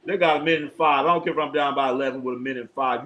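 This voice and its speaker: On poor audio, a man speaks very fast at a medium pitch. He's a Los Angeles host of a live sports show, keeping the casual chat loose and animated with plenty of profane trash-talking.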